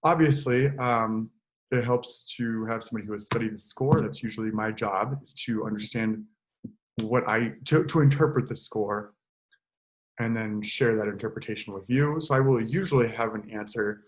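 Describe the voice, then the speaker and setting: A man, a choir director, giving an online choral lesson in a relaxed, explanatory way, now and then singing short examples into a computer mic. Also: fairly low pitch, moderate pace.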